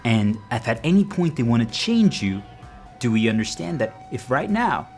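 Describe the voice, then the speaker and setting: A man's voice: very animated, normal speed, darkish tone, faint music behind. A man giving a motivational talk to his viewers, earnest, often asking if they follow, and jumping into quoted voices. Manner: earnest, repeatedly checking the audience follows; acts out quoted voices with sudden pitch jumps. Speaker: motivational speaker.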